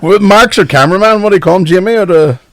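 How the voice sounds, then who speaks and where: A man's voice: sits high, quick pace, a bit bright, dry recording. A man hosting a podcast, telling crude stories with lots of swearing and laughter. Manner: crude, storytelling, laughs often. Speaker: podcast host and comedian. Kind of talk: casual banter.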